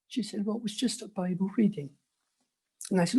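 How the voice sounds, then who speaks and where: An older man telling his personal faith story in an earnest storytelling manner with quiet asides. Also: sits high, fairly quick, vocal fry, long pauses, breathy edge. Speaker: conference speaker. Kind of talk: personal testimony.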